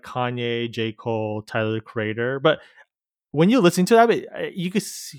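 A man's voice: medium pitch, clean tone, no echo, clean studio sound. A man co-hosting a podcast in casual chat, meandering through his points and laughing easily as he explains. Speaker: podcast co-host.

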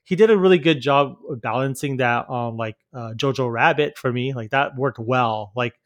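A man co-hosting a casual podcast, his voice sitting at a middling pitch. He talks loosely, strings thoughts together with "like," and laughs through his words. The sound is close and dry, with no room around it. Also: normal speed, no room sound. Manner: loose, lots of "like" fillers, laughs while talking. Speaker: podcast co-host. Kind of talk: casual chat.

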